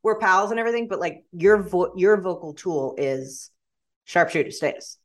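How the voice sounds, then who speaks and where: A woman guest in casual conversation, telling animated stories and slipping into quoted voices. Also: lowish voice, moderate pace. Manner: animated storyteller who slips into quoted voices.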